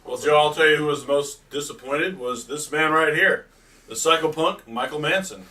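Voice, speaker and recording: A man's voice: on the high side, moderate pace, sharp tone, far from the mic. A man recapping wrestling matches as co-host in a dry, teasing way, recorded a bit away from the mic.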